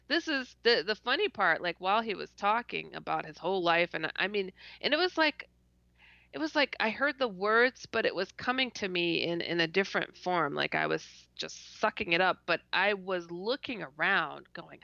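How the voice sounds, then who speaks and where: Storytelling casually in an interview, this podcast guest speaks at medium pitch with lively intonation and normal speed, adding vocal fry and a sharp tone, with no room sound. The woman laughs often, stutters, and performs her own reactions. It's all captured via dull, lo-fi call audio.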